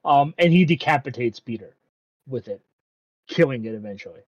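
A man's voice: mid-range voice, lively intonation, moderate pace, husky, no room sound, highs cut off. Rambling man recapping an anime, casual. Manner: rambling, many ums, swears casually.

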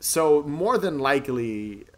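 A man's voice: fairly high pitch, animated, takes it slowly, a bit bright. A man casually recapping a movie plot in a podcast chat, rambling, swearing freely and laughing often. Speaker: podcast co-host.

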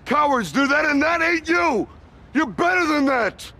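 An actor playing an aging boxer who lectures his grown son in blunt street talk, shifting from loud push to hushed tenderness. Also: very high-pitched, expressive, unhurried, full character voice. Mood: stern, forceful. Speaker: film clip.

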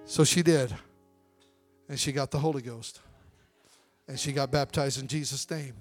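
A young man preaching a sermon, telling a family story and then building to loud, shouted appeals. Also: mid-range voice, moderate pace, soft background music.

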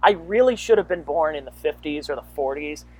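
High-voiced man in his thirties. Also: expressive, darkish tone. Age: 30s. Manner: rambling, halting restarts. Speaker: comedian guest. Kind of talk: casual chat.

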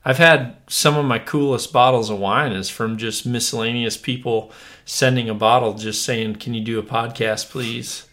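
A man hosting a casual podcast, talking in a relaxed, rambling way with many fillers and restarts. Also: medium pitch, normal speed. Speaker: podcast host. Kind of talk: casual chat.

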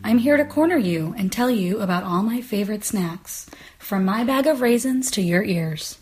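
A woman's voice: mid-range voice, lively intonation, moderate pace, a little mellow, faint music behind. A woman hosting a comedy podcast, ranting in a sarcastic, exasperated way. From United States. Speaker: podcast host. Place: Los Angeles.

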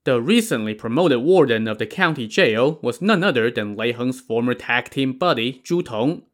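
A man's voice: mid-range voice, lively intonation, moderate pace. A man narrating a classic tale casually, with wry, sarcastic asides. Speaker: storyteller.

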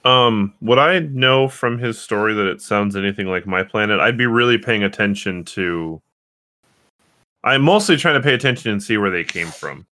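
A man's voice: lowish voice, moderate pace, pushed and bright. A man playing a tabletop game, chatting casually and joking with the group. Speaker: player.

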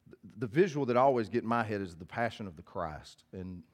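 Speaking fast in a lowish, animated voice, this male pastor gives a casual, direct sermon. He reads scripture out loud and then explains it to his listeners, keeping the tone conversational.

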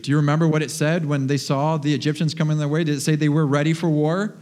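An animated male pastor delivers a sermon in a church, lively and full of humor. His fairly high voice carries a long reverb from the large hall. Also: quick pace, few pauses.

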